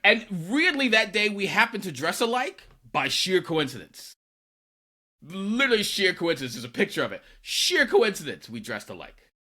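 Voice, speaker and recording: Animated, bright-voiced male storyteller. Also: high voice, normal speed. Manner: animated, acts out quoted dialogue. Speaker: podcast co-host. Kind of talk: casual conversational storytelling.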